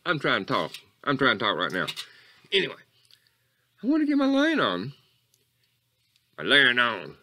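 A man playing Coach Catfish, an eccentric rambling character who drifts off on tangents and jumps between squeaky highs and low mutters. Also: pushed and bright, exaggerated voice. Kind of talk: comedic character monologue.

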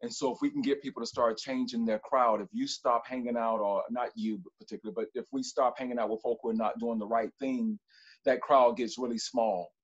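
A man of middle pitch speaks emphatically over muffled, dull call audio. He repeats his slogans in a rolling, preacher-like cadence. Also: fairly even intonation, a little fast, husky. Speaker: panelist. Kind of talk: panel discussion.

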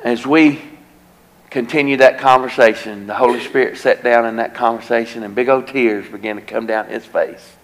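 A man's voice: medium pitch, steady tone, moderate pace, poor audio. A male evangelist, preaching a revival sermon in a church and telling a folksy story that grows into an earnest warning. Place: church sanctuary.

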